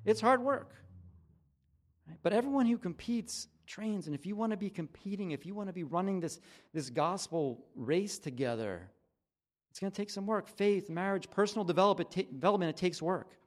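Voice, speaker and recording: A man's voice: high-pitched, moderate pace. A middle-aged man preaching a sermon in a conversational way, acting out both sides of the exchanges he retells. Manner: conversational and animated, acting out dialogue. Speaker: pastor.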